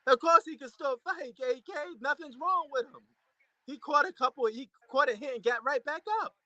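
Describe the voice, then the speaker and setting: A man giving a casual, excitable reaction commentary to a boxing match, repeating himself and using slang. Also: extremely high pitch, moderate pace, no echo, dull audio. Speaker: fight reaction host.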